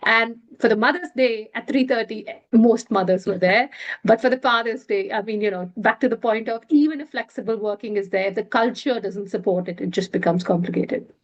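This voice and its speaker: A woman speaking as a guest on a parenting panel, in a lively, expressive way. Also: on the high side, brisk. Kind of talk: casual panel discussion. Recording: dull lo-fi sound.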